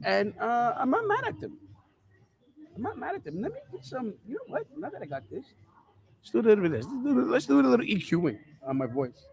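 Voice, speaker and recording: A chatty man with a high voice gives casual live football commentary for his podcast. He rambles and keeps calling his listeners kids. The sound is dry and close. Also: gravelly, a bit bright, dry recording. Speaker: podcast host. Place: restaurant.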